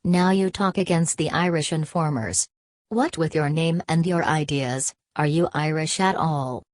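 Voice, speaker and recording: An earnest, simple-hearted young man pleads in plain words, read by a woman. The voice is low and deep. The sound is dry and close-miked. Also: unhurried, no room sound.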